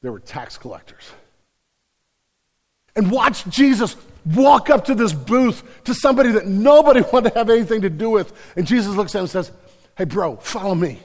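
A man's voice: high voice, very animated, normal speed. Preaching man in a reverberant hall. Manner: preaching with swings from loud urgency to hushed intimacy; casual slang, repeated words and restarts. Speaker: pastor. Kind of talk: sermon. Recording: long reverb of a large hall.

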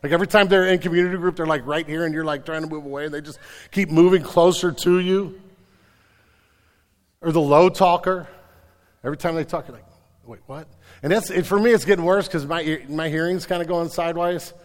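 A man preaching a sermon as pastor, animated, stammering into restarts and mimicking the people he describes. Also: on the high side, brisk, big-room sound.

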